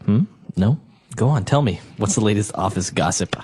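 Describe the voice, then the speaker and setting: Catty coworker, low and swoopy, husky, learner skit. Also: male voice, lively intonation, moderate pace, darkish tone. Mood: curious. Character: skeptical male office worker. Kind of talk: scripted learner dialogue.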